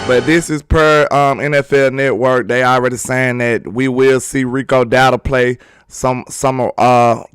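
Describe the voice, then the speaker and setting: A man hosting a sports livestream, chatting casually and excitedly while reading viewer comments. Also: medium pitch, clean tone, dry recording, clean studio sound. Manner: excitable, talkative, teasing with chat.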